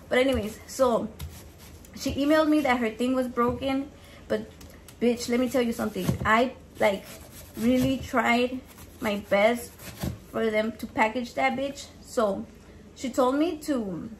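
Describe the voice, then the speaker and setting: A woman's voice: on the high side, slight background noise. A woman chatting casually while she cooks, cursing freely and dropping Spanish words into her English. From Mexican heritage. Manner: profane, animated, switches into Spanish words. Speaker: home cook vlogger. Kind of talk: casual chat while cooking.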